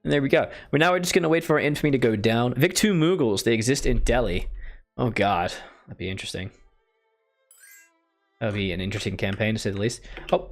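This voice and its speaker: Man muttering over a strategy game. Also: mid-range voice. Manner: muttering, self-deprecating, thinking aloud. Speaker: strategy game let's player. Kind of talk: casual gameplay commentary.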